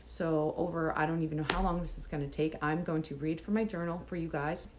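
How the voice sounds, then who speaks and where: A woman's voice: low voice, steady tone, brisk, noisy background. A woman speaking to camera as a mom coach, nervous and emotional, close to tears with nervous laughs, then earnest and encouraging toward other moms. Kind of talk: personal vlog talking to camera.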